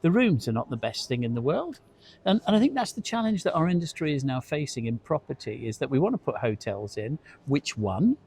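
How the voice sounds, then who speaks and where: A man's voice: medium pitch, sing-song, brisk, gravelly, a little mellow, slightly rough. Man telling chatty anecdotes. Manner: chatty anecdotal storytelling, with repeated words. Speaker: co-host, hospitality industry expert. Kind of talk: casual industry discussion.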